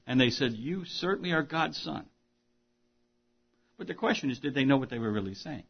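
A man preaching a sermon as pastor, earnest, dropping to a hush and then rising to stress a point. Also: medium pitch, very animated, a little fast, long pauses, slightly rough, dull audio. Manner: earnest, swings between hushed and emphatic.

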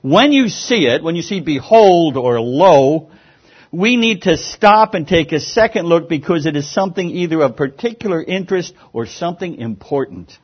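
A man preaching a sermon, lively and emphatic, often restarting his words. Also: fairly high pitch, moderate pace, husky. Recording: dull lo-fi sound.

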